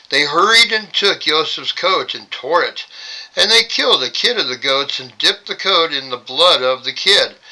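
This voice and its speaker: A man hosts a Bible study and reads scripture aloud in a very bright, sharp voice. He sits a little high in pitch and breaks the reading with dry, sarcastic side comments. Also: rough recording. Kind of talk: scripture reading with wry asides.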